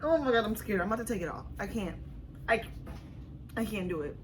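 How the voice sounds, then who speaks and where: In her casual home vlog, a beauty vlogger nervously talks to herself and her audience, her medium-pitched voice brisk and lively in intonation. A camera nearby records it, with slight background noise.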